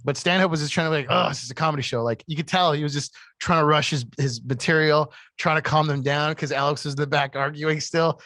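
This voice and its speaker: A man's voice: fairly high pitch, fairly even intonation, brisk, hardly any pauses, bright, forceful tone, no room sound, studio quality. A man co-hosting a podcast in casual chat, rambling with lots of "like" and restarts. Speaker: podcast co-host.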